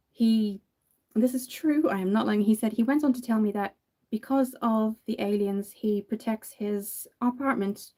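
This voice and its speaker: An Irish woman in her thirties chats away while doing her makeup. She has a mellow, relaxed tone at a middling pitch and tells her stories with frequent laughs. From Ireland. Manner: chatty storytelling, laughs often. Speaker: makeup vlogger.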